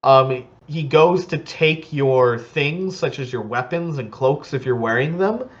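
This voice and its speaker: A man narrating a tabletop game as game master in a relaxed way, with many fillers. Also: mid-range voice, measured pace, highs cut off.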